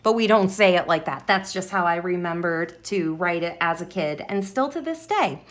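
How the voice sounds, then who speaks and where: A woman's voice: fairly low pitch, lively intonation. A woman teaching a writing lesson, modeling her sentences aloud and repeating words as she writes them down. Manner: slow, deliberate, repeats words while writing.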